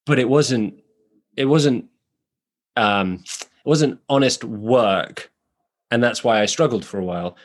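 British man, actor, chatty and reflective, ordinary pitch, rambles but stays frank. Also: slow, long pauses. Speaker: actor, guest. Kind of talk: casual podcast conversation. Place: New York.

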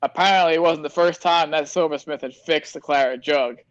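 A man's voice: a little high, a little fast. A man telling an anecdote on a casual podcast, with many fillers. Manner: storytelling, hesitant fillers. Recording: dull dry sound.

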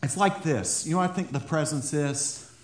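A man preaching a sermon to his congregation, animated, laughing often and repeating words as he goes. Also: on the high side, normal speed. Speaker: pastor. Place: church hall. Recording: echoey church room.

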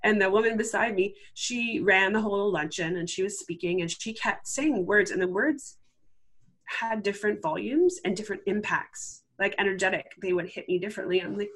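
A woman's voice: medium pitch, fairly quick, a bit bright. A woman guest telling a personal story in a casual, chatty way, full of "like" fillers and acting out what she once said. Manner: chatty, full of "like" fillers, acts out her own past words. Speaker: interview guest.

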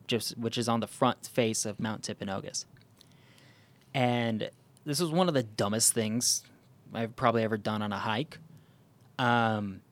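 A man hosting a podcast, telling a hiking story in casual chat, with lots of "um" and "like" and frequent restarts. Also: mid-range voice. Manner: rambling, many fillers and restarts. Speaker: podcast host.

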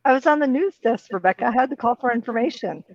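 A middle-aged woman co-hosting a casual chat, laughing often and talking in quick, animated bursts. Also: fairly high pitch, dull audio, a little hiss or hum. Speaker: podcast co-host.

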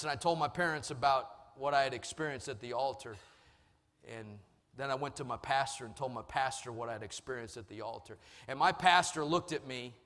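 A man preaching a sermon, telling a personal story and moving between quiet and loud passages. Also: mid-range voice. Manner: storytelling, swings from soft to loud. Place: large church hall. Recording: long hall reverb.

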